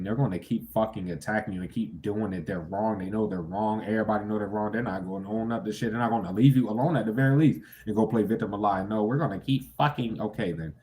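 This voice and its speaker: A man's voice: lowish voice, fast talker, few pauses, a little mellow, slight background noise. Profane, blunt man reading tarot. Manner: profane, blunt, with sudden incredulous outbursts. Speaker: tarot reader. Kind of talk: casual tarot reading rant.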